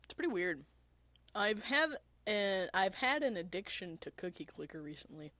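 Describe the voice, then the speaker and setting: A woman's voice: medium pitch, sing-song, normal speed, pushed and bright, no echo. A woman streamer talking in a rambling, casual way and swearing now and then. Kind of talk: casual solo chat.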